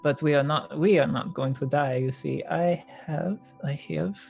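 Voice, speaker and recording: A woman voicing a calm male companion in a tabletop game, halting and reassuring. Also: sits low, gravelly, faint music behind.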